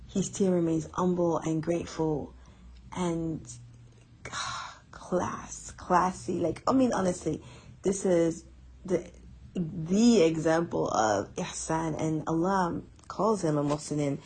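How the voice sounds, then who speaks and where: A woman's voice: low voice, a little mellow, husky, poor audio. A woman giving a conversational Quran reflection lesson, earnest and chatty, repeating words for emphasis. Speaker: Quran teacher.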